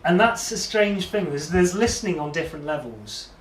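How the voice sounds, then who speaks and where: Chatty self-deprecating man, slightly high voice, off-mic with traffic noise behind. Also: lively intonation, moderate pace. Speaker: electronic music demonstrator. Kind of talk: casual gear demo. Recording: echoey room, distant mic, loud background noise.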